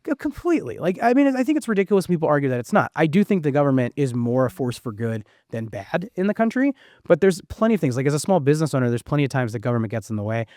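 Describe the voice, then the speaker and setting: A man in his thirties, a podcast guest talking fast and animatedly, with plenty of fillers and the odd swear. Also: fairly high pitch, big pitch swings, dark tone, no echo, clean studio sound. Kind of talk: casual conversation.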